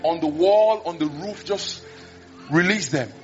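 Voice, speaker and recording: A male pastor, preaching a sermon in an animated way, acting out scenes and exclaiming. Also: on the high side, measured pace, faint music behind. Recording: dull lo-fi recording.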